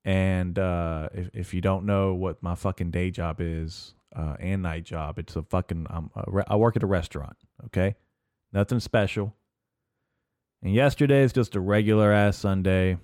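A man with a lowish, smooth voice, recorded dry and close, hosting a casual solo podcast rant. He rambles and swears constantly, with plenty of "uh"s and restarts. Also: fairly even intonation, normal speed, a little mellow, no room sound. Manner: profane, rambling, heavy swearing; filler-heavy, restarts often. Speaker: podcast host.

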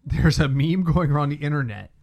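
A middle-aged man, chatting casually on a podcast. His voice sits a little high, and he tells his stories with energy. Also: a little fast. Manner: storytelling, animated anecdotes. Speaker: podcast co-host. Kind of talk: casual chat.

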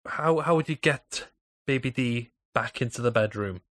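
A man's voice: medium pitch, normal speed, a bit bright. A Welsh man hosting a podcast in casual banter, playful and teasing, on a professional mic. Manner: playful, teasing, sets up bits. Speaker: podcast host. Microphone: professional microphone.

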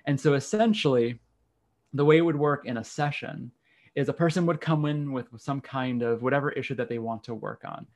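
A man who is a guest on a podcast, explaining his practice in a calm, measured way. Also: medium pitch. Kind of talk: explanatory interview talk.

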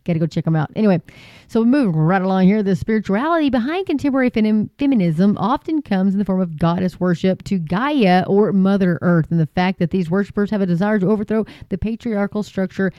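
A woman's voice: mid-range voice, quick pace, no echo. Indignant woman, dull lo-fi sound. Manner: indignant, breaks off readings with asides. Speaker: Christian commentary show host. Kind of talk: reading news with commentary.

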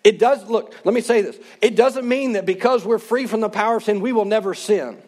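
A man's voice: high-pitched, fairly quick, a little mellow. A man in his thirties, a pastor, preaching a sermon in an earnest, conversational way.

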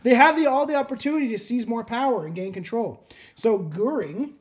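A Canadian man hosting a podcast, talking in a rambling, animated way and swearing casually. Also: very high voice, a little fast.

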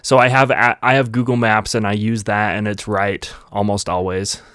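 A man's voice: lowish voice, level tone, normal speed, fairly bright tone, no echo. Man, casual chat, anecdotes, profanity, self-mocking laughter, dry recording. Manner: storytelling, swears when frustrated, laughs at himself.

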